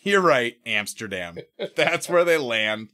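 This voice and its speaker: A man talking as a podcast guest, telling a story in a casual, profane, animated way and acting out voices. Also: medium pitch, slow.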